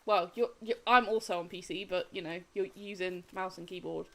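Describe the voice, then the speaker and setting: A woman with a Somerset English accent chats casually on a gaming stream in a fairly low, fairly quick voice, with a little hiss or hum in the background. She's worn out after a long day and often laughs mid-sentence.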